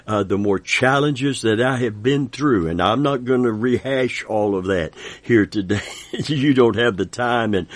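A man's voice: fairly low pitch, no echo. A man in his seventies preaching a sermon with an emphatic, repetitive cadence, quoting scripture and praising God. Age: 70s.

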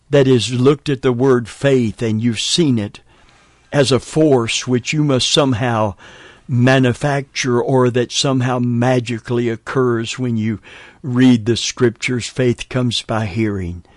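Slow, emphatic male preacher. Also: medium pitch, no room sound, studio quality. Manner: slow, emphatic preaching with short broken phrases. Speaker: preacher and show host. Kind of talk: sermon.

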